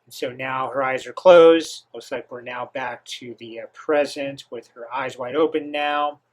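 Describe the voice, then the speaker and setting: A man hosting a comic reaction, reading and commenting with many halting pauses and eager asides. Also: medium pitch, fairly even intonation. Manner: halting, filler-heavy, enthusiastic asides.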